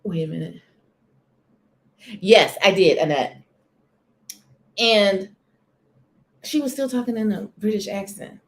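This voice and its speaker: On her casual home live stream, filmed in a corner near a sunny window, a woman discusses celebrity news expressively and greets viewers in the chat by name. Her medium-pitched voice has lively intonation, and she goes slowly, leaving long pauses.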